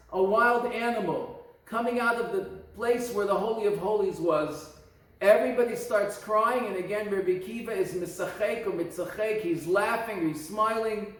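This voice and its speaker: A man, a rabbi, teaching a storytelling lesson at an outdoor lookout in an earnest way, slowing down to stress key words. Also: sits high. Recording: echoey and distant from the mic.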